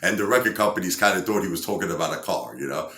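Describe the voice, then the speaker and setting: A deep-voiced man, an entertainer storyteller, tells a rambling story at a quick pace, heavy on fillers and acting out quotes in other voices. His tone is fairly bright and the sound roomy.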